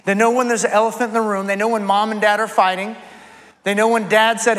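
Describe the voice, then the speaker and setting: Man, pastor, sermon, earnest storytelling, high-pitched, echoing church hall. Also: fairly even intonation, normal speed, pauses often. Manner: earnest storytelling, then soft prayer.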